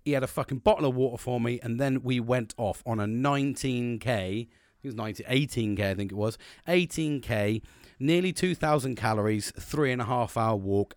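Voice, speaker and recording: A man's voice: medium pitch, no room sound, studio quality. A man giving a casual motivational talk, rambling and earnest, with a lot of swearing.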